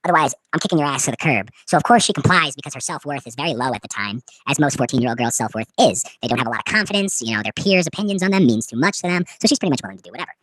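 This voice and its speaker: A man in his twenties telling crude, absurd stories in a deadpan way on a comedy podcast. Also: medium pitch, very fast, hardly any pauses, no echo.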